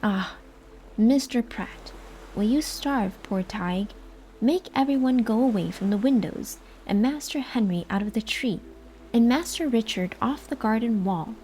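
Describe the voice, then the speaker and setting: A woman's voice: a little high, lively intonation, measured pace, warm tone, a little hiss or hum. A woman voicing an invisible, mocking male fairy spirit that laughs and taunts, as a whispered role-play. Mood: wheedling.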